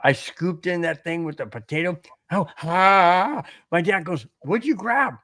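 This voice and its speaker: A man co-hosting a casual sports podcast, telling animated stories, laughing often and stumbling over his words. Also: on the high side, unhurried. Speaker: podcast co-host.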